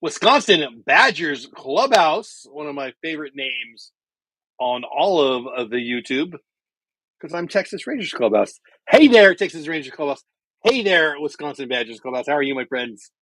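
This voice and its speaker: A middle-aged man hosts a baseball watch-party livestream from home, chatting loosely and thinking out loud between pitches. His voice sits a little high, and the sound is dry and close to the mic. He gets animated when calling the big plays. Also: normal speed, no echo. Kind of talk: casual live baseball commentary.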